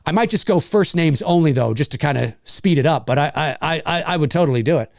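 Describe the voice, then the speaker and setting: A man's voice: on the high side, expressive, fast talker, gravelly, no echo, clean studio sound. A middle-aged Canadian man with a Canadian accent, hosting a casual livestream, reading chat comments and repeating himself enthusiastically.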